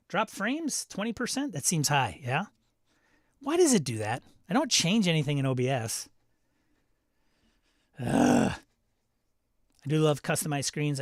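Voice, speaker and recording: Man, stream host, casual chat, mid pitch, dry close sound, rambling and reactive. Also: no echo. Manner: chatty, self-interrupting, reacts aloud to tech trouble. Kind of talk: live stream chat reading viewer comments.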